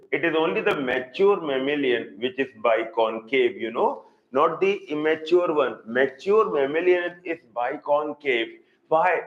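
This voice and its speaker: A man with an Indian English accent teaching a live online zoology class, repeating key terms slowly for students. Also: a little high, highs cut off.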